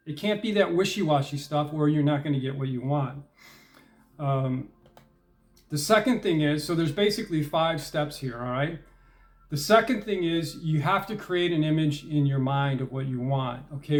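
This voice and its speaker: A middle-aged man explaining techniques in a loose, chatty way, his voice sitting a little higher than most men's. He scatters fillers and asks "okay?" and "right?" as he goes, then pushes harder and louder on the points he cares about. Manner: conversational, many fillers and check-ins like "all right?"; grows emphatic and louder when stressing determination. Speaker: self-help speaker. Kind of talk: casual instructional talk.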